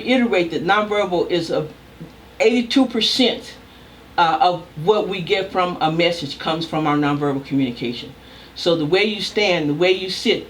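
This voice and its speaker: An older woman, a communication professor, giving a recorded lecture in a loud, emphatic, deliberate way. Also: fairly low pitch, slight background noise.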